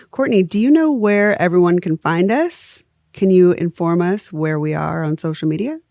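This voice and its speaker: A woman's voice: on the low side, lively intonation, unhurried, gravelly, dark tone, dry recording, studio quality. A woman co-hosting a true crime podcast, chatting casually and laughing often. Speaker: podcast co-host. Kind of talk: casual chat.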